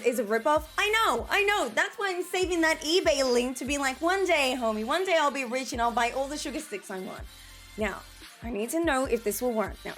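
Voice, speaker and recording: A woman's voice: sits high, a bit bright, low-quality recording. A young woman chatting casually with her live-stream chat from a home room, playful and talkative. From Australia. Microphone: desk mic, testing distances.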